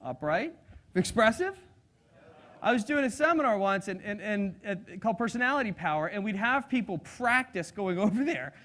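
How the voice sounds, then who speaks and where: A man with a fairly high voice runs a live seminar, talking energetically to the room. He pulls the audience in with questions and acts out different personality types as he goes. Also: lively intonation, moderate pace, a bit bright. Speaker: sales trainer.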